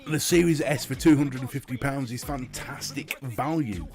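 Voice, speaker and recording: Chatty British livestream host. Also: male voice, medium pitch, normal speed, a little mellow, soft background music. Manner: chatty, swears freely, reads and answers chat. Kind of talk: casual live-stream chat.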